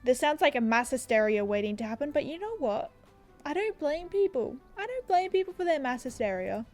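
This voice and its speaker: A young Australian woman in her twenties, a gaming YouTuber, speaks in a high-pitched, very animated, slightly mellow voice at a somewhat fast clip. She gives casual, self-deprecating gameplay commentary into a desk microphone in her apartment room, laughing often, with soft music in the background.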